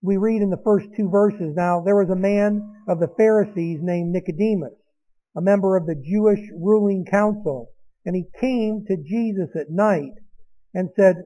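A man's voice: high voice, normal speed, a little mellow, poor audio. A man preaching a sermon, explaining a Bible passage in a conversational way with asides to his listeners.

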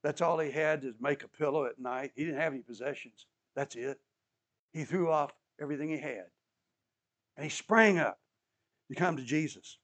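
A man's voice: a little high, moderate pace, a bit bright. A man preaching a sermon as an emphatic storyteller who repeats key phrases and adds touches of humor.

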